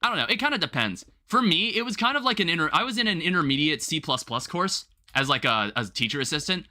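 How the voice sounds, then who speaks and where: A young man hosting a livestream, chatting casually while gaming and telling rambling, animated stories with some swearing. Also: a little high, fast talker. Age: young adult. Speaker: livestream host.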